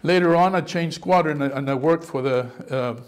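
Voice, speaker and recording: A middle-aged male pastor preaching a sermon in an animated way, often acting out the voices of people he quotes. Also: a little high, fairly quick.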